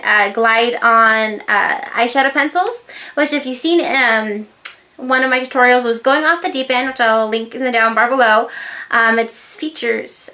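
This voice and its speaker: A woman chatting her way through a beauty haul review, rambling from point to point with plenty of asides. Her voice sits a little high and sounds bright and forward. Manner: rambling, chatty, full of filler words and asides. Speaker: beauty vlogger. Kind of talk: casual haul review chat.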